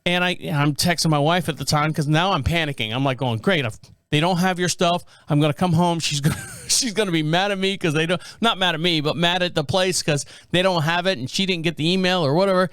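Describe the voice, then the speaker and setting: Man, middle-aged, podcast host, rambling casual storytelling, high clean voice. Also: fast talker, a bit bright, clear, resonant tone, no room sound. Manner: rambling anecdotal delivery, acts out quoted people.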